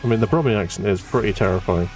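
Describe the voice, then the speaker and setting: A man's voice: lowish voice, racing, darkish tone. A man from Wales chatting on a painting stream, hesitant and full of fillers. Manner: hesitant, many uh fillers and restarts. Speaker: guest co-host. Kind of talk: casual chat on a live stream. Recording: distant mic with faint music.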